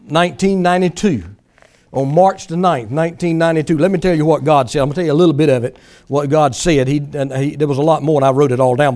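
High-voiced preacher, folksy and emphatic. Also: male voice, darkish tone. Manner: folksy, emphatic preaching with dramatic pleading imitations. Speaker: pastor. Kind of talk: sermon.

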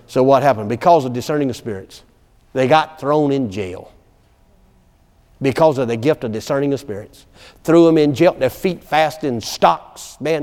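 A man preaching a sermon in a folksy storytelling way, breaking into laughter and calling out "amen". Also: on the high side. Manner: storytelling, animated, laughing asides, frequent "amen". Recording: long hall reverb.

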